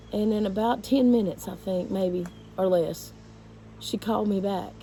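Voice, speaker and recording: A woman, a teacher, telling a painful personal story to her viewers in a halting, emotional way. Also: lowish voice, mellow, a little hiss or hum, low-quality recording.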